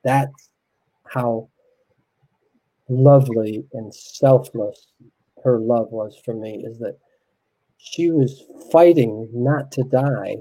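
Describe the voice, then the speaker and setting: A man as an interview guest, telling a heartfelt personal story in a soft, reflective, unhurried way. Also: mid-range voice, rough recording.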